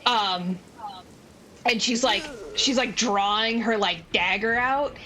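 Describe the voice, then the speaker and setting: A woman's voice: on the high side, a little slow, pushed and bright, low-quality recording. A woman game master narrating a tabletop game in a casual, filler-heavy way, swearing freely.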